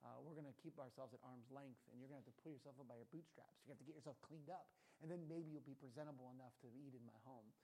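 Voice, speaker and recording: A male pastor delivers a sermon in a church hall. He preaches in an animated way and keeps asking his listeners questions. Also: mid-range voice, fast, hardly any pauses. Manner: animated, asks the audience questions.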